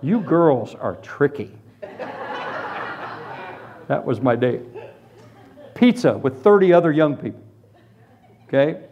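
A man's voice: fairly high pitch, slow, long pauses. Guy preaching, telling a funny story on himself, voice goes all over, kinda muffled lo-fi. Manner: animated, self-deprecating storytelling. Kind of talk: humorous sermon testimony. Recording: dull lo-fi recording.

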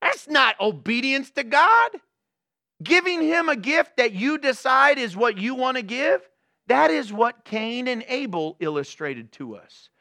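A man's voice: high-pitched, sharp tone, dry recording, studio quality. A male pastor preaching a conversational sermon, full of rhetorical questions and acted-out everyday scenes.

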